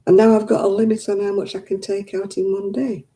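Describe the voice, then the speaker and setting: A woman's voice: mid-range voice, flat delivery, brisk, warm tone, rough recording. An older woman, chatting casually with live viewers and grumbling in an exasperated way. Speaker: live streamer.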